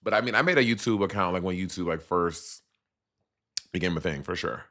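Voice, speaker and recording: A Caribbean-accented man, low-pitched and brisk, talks sassily and animatedly with his viewers during a laid-back live stream.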